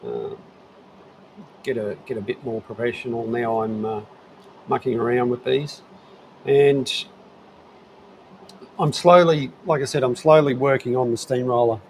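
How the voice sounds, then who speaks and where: A man's voice: mid-range voice, fairly even intonation, a little slow, pauses often, a little mellow, a little hiss or hum, poor audio. Easygoing Australian man rambling on a livestream. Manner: rambling, easygoing, talks to viewers while fiddling with tech. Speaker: livestream host. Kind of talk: casual live-stream chat. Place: home shed.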